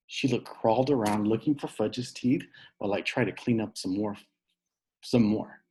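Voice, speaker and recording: A man reading a children's book aloud, telling it in an animated way. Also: lowish voice, moderate pace, husky. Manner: animated storytelling with a boyish narrator's voice. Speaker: reader.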